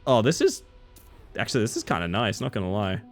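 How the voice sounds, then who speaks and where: Soft music plays behind a lowish, sing-song voice talking fast as a man streams a racing game. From the Isle of Man and Australia, he keeps up chatty, jokey commentary, responding to viewers' chat as he plays.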